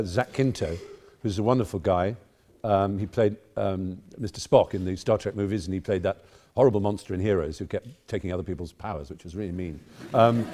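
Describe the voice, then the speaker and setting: A man's voice: on the low side, a little mellow, a little hiss or hum. A man in his fifties with an English accent, giving an erudite, wry, digressive speech to a debating society audience. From England. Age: 50s. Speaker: guest speaker.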